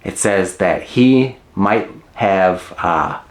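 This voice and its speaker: A man's voice: low voice, extremely slow. A middle-aged man teaching English in a casual, joking way, repeating key words and chuckling at his own asides.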